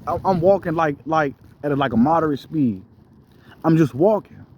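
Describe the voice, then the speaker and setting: A man's voice: on the high side, normal speed, lo-fi sound, a little hiss or hum. A man telling a spiritual testimony in a casual, slangy way, calling his listeners bro. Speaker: storyteller giving a spiritual testimony.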